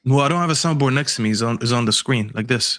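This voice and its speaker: A man's voice: medium pitch, rapid-fire, a bit bright. A young man hosting a casual football panel stream, joking and playful. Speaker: host.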